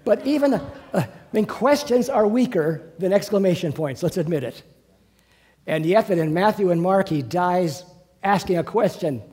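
A man's voice: sits high, lively intonation, normal speed, darkish tone, breathy edge. A man preaching a sermon in a church, earnest and rambling, with restarts, often building to fervent emphasis. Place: church sanctuary.

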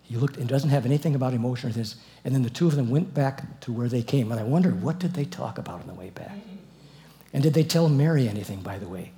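Lively preaching man, mellow voice. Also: mid-range voice, fast. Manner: animated storytelling with asides and chuckles. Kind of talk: expository sermon on scripture.

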